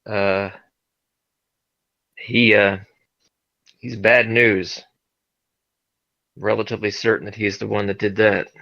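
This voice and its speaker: A man playing his character in a tabletop game, giving brief, measured replies over a dull, lo-fi recording. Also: lowish voice, level tone, creaky, sharp tone. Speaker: player. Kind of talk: in-character tabletop role-play. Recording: dull lo-fi mic.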